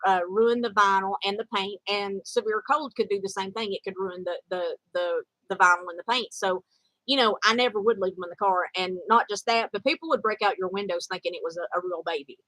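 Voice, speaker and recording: A woman's voice: medium pitch, sharp tone, no echo, poor audio. A middle-aged woman, telling a casual story in a rambling way with lots of fillers and restarts. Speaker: vlogger.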